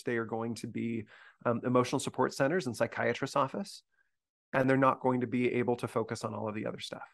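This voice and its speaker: A man briefing university faculty in a conversational discussion, earnest and thinking aloud with frequent restarts. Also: mid-range voice.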